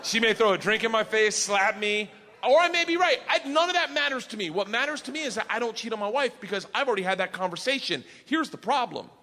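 Brief: male comic, lively and sharp-toned, telling a rowdy story in an echoey hall. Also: sits high, fast talker. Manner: brash, profane, animated storytelling. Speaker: stand-up comedian. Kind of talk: stand-up storytelling. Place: stage in a large venue. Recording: echoey live hall with faint noise.

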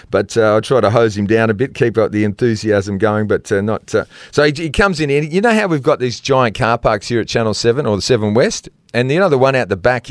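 A man's voice: lowish voice, no echo, clean studio sound. An Australian man in his fifties co-hosting a football podcast, rambling through stories and chuckling often. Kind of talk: casual sports chat.

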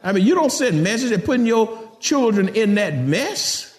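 A middle-aged male pastor giving a lively sermon in a church, with folksy asides to the congregation. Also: sits high, moderate pace.

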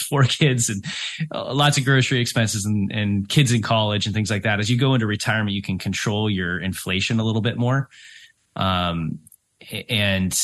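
A middle-aged financial planner co-hosting a radio money show. He has a somewhat low male voice. He explains step by step, with frequent ums and "right?" tag questions. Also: a bit bright.

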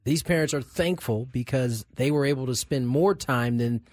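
A man's voice: medium pitch, moderate pace, a little mellow, dry recording, studio quality. A man co-hosting a sports radio show, speaking thoughtfully and sincerely.

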